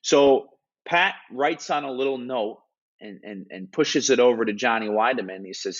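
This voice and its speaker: A hockey analyst in an interview, retelling a story earnestly and animatedly, with frequent restarts and filler words. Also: male voice, mid-range voice, lively intonation, normal speed, fairly bright tone. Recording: dull lo-fi audio.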